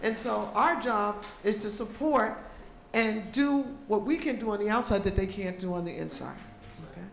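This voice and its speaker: A woman's voice: medium pitch, moderate pace, gravelly. A woman organizer talking to an audience at a public program, practical and often checking in with "okay?". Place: large echoey room with an audience. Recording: roomy echo, faint room noise.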